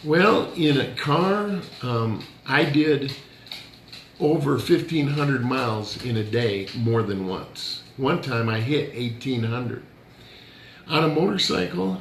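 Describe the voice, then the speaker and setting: A man's voice: mid-range voice, a bit bright, roomy sound, slight background noise. A male pastor giving a conversational sermon, joking and challenging his listeners directly.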